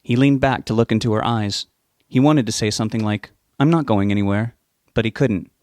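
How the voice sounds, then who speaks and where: A man narrating a novel as an audiobook reader, giving the characters' lines small lifts in pitch. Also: fairly quick, a little mellow, dry recording.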